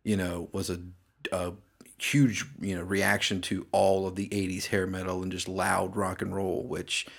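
A man with a somewhat low voice hosts a relaxed podcast conversation. He rambles and circles back on himself, leaning on "like" and "you know" as he thinks out loud. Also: measured pace, vocal fry. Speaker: podcast host. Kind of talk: casual chat.

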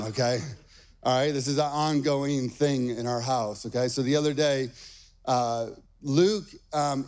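A young adult male pastor preaching a sermon from a church stage. He tells family stories in an animated way and keeps checking in with "okay?". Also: medium pitch. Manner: animated storytelling with frequent "okay?" asides.

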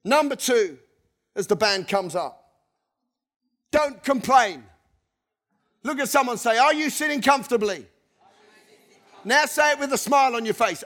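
High-voiced preacher shouting in church. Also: male voice, lively intonation, measured pace, pauses often. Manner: passionate, shouting and sing-song preaching. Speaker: pastor. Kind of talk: sermon.

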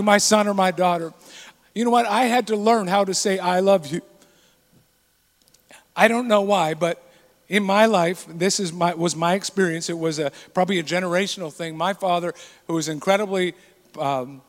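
High-voiced man preaching in a reverberant hall. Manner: earnest, emphatic preaching with acted quotes. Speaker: pastor. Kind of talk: sermon.

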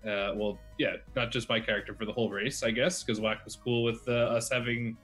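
A man player and streamer rambling casually and quickly about the lore he made up. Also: medium pitch, level tone, a bit bright, soft background music.

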